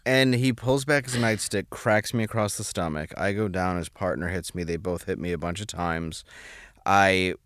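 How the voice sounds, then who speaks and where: A man's voice: sits low, moderate pace, fairly bright tone, smooth, no echo, clean studio sound. A man guest telling a wry, self-deprecating story in casual podcast talk. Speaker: guest comedian.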